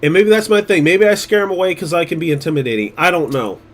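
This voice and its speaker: A man's voice: a little high, quick pace. A man chatting casually on his livestream, blunt and profane, rambling with restarts. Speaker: streamer.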